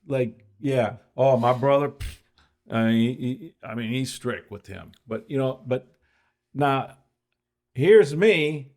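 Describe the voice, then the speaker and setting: A man's voice: mid-range voice, animated, slow, a little mellow. A middle-aged man co-hosting a podcast, telling stories in casual chat and acting out quoted dialogue. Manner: storytelling, acts out quoted dialogue. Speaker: podcast co-host.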